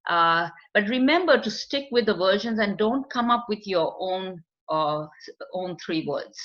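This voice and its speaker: In a training lecture, a woman whose English carries a non-native accent explains a screening test, filling her speech with fillers and acted-out client quotes. Her voice is medium-pitched, animated and a little slow. The audio is lo-fi and dull.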